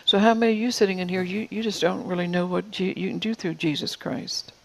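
A preacher in their fifties or older giving an earnest sermon in a church, often dropping to a soft whisper for emphasis and repeating words. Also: medium pitch, fairly even intonation, fast, vocal fry, rough recording. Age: 50s or older.

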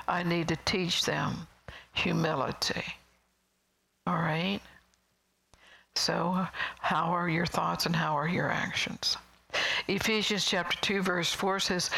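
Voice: mid-range voice, little pitch movement, unhurried, gravelly, bright, forceful tone, rough recording. A middle-aged preacher giving a sermon in a rambling, conversational way, with chuckling asides and whispered emphasis.

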